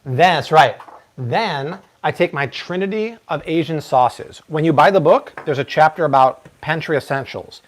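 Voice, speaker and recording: An energetic man in his thirties runs a live cooking demo, talking viewers through each step in a fairly high, lively voice. He chats easily and tosses in playful bits of broken Spanish. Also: normal speed. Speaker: cooking show host.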